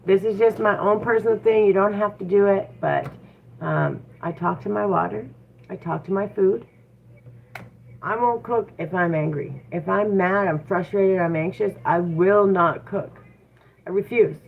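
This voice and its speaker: A woman's voice: mid-range voice, a little slow, creaky. A woman giving a casual livestream tarot reading, chatty and encouraging, with frequent fillers. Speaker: tarot reader. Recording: tinny phone-like audio with faint noise.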